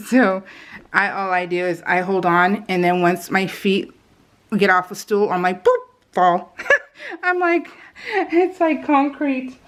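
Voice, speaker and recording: A woman's voice: medium pitch, expressive, slow pace, long pauses, fairly bright tone. A middle-aged woman chatting casually in a voice-over about her family, self-deprecating and laughing often. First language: English. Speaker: scrapbooking vlogger. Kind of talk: casual voice-over while crafting.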